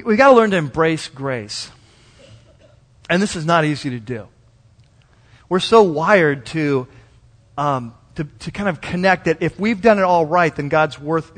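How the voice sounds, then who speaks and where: A man with a high voice delivers a sermon, casual and animated, slipping into little acted-out voices. The recording is live in a church sanctuary, with a long hall reverb trailing his words. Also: normal speed. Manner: conversational and animated, acts out quoted voices. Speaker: pastor.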